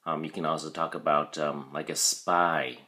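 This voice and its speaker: Very low-voiced male teacher. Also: fairly even intonation, bright, forceful tone. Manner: patient, explanatory, checks in with "okay"; stresses syllables slowly when modeling pronunciation. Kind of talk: recorded vocabulary lesson.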